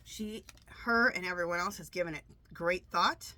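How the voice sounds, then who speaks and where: A woman's voice: lowish voice, moderate pace, pushed and bright, dry recording. A woman tarot reader talking casually to her viewers, chatty and rambling with many restarts, her nose stuffed up from allergies. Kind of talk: casual monologue to camera.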